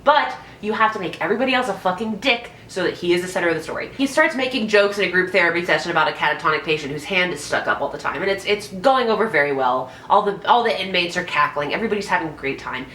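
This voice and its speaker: A woman's voice: fairly low pitch, expressive, fast, few pauses, a bit bright, roomy sound, slight background noise. A young woman giving a casual, profane, sarcastic movie review and mimicking characters in mock voices.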